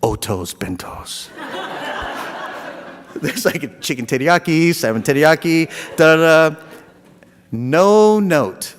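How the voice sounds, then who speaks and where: A man telling a personal story in a casual, animated and heartfelt way, laughing often. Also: fairly high pitch, slow, pauses often, a little hiss or hum. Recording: long reverb.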